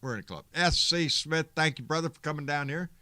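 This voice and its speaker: A man with a Texan accent hosting a casual live online talk show, relaxed and folksy, quick to swear and laugh. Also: on the high side, noisy background. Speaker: host.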